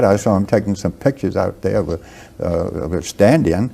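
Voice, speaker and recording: A man in his seventies with a Southern American accent, a guest writer speaking slowly and haltingly in an interview, with many pauses and restarts. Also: sits low, gravelly, dark tone, breathy edge. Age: 70s.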